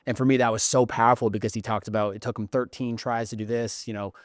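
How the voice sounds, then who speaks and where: A man's voice: mid-range voice, fairly even intonation, fast, no echo, studio quality. A man hosting an interview podcast, reflecting back on his guest's story in an earnest, affirming way. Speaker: podcast host, coach.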